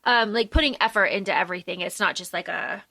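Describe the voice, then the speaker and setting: Female podcast co-host, bright and lively, casual storyteller, dry close mic. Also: on the low side, fast, gravelly, no room sound. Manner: animated, acts out character lines while retelling the plot. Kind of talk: casual book discussion.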